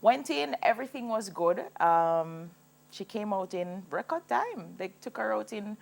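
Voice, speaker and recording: A woman in her thirties, a singer telling her own story as a TV guest, animated and laughing as she goes. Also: medium pitch, measured pace, gravelly. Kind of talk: personal storytelling in a TV interview.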